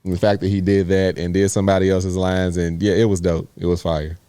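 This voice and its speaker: A man with a low, mellow voice tells an animated story as a proud parent, leaning on casual slang. The sound is close and dry, with no room around him. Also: a little fast, smooth, no room sound. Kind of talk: casual chat.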